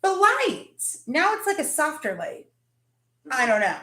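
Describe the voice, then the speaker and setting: A woman's voice: high voice, very animated, a little slow, sharp tone, echoey room. A woman hosting a casual livestream, chatting and greeting viewers by name. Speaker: livestream host.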